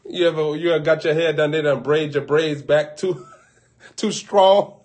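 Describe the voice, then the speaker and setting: A man preacher telling a comic, animated story, laughing often and acting out little scenes. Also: a little high, moderate pace. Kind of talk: comedic storytelling riff.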